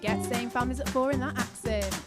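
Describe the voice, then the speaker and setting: A woman's voice: a little high, steady tone, fairly quick, loud music behind the voice. A young woman hosting a children's church session online, chatty and upbeat with a slightly scattered delivery.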